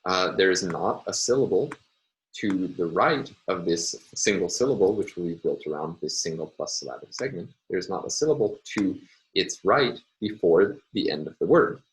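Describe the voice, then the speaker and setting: A man lecturing on phonology in a measured, explanatory way, pausing often with "uh" and "um". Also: low voice, animated, slight background noise, poor audio. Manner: measured, explanatory, with frequent "uh" and "um" pauses. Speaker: university lecturer. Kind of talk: recorded academic lecture.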